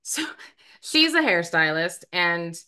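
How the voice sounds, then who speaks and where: An American woman talks through a film's plot in loose, animated podcast chat. Her voice sits a little low but sounds bright and forward. She laughs easily and slips into the characters' lines as she retells them. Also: takes it slowly. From United States. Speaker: podcast co-host. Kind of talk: casual movie review chat.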